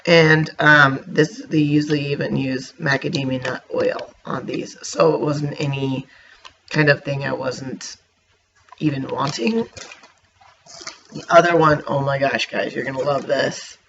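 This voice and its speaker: A man's voice: medium pitch, measured pace, gravelly, bright, forceful tone. A man casually reviewing snacks for his viewers, chatty and hiccuping now and then. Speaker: vlogger. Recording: dull lo-fi sound with faint noise.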